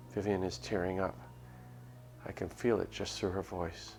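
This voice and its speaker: A man reads a spooky visual novel aloud on stream, voicing the narrator in first person. His delivery is nervous and earnest, with small slips he corrects. His voice is very deep and gravelly. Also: level tone, normal speed, darkish tone, soft background music. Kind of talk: dramatic first-person reading of a game script.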